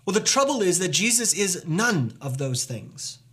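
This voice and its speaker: High-voiced man preaching emphatically. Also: very animated, moderate pace, a bit bright. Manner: earnest, emphatic preaching with rhetorical questions. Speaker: pastor. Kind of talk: sermon.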